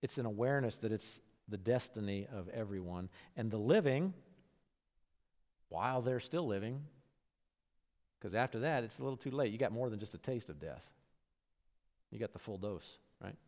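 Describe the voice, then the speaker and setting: A man preaching a sermon as pastor, talking conversationally and swinging between hushed, low moments and lively, animated bursts. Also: normal speed, long pauses. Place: church sanctuary. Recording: long hall reverb.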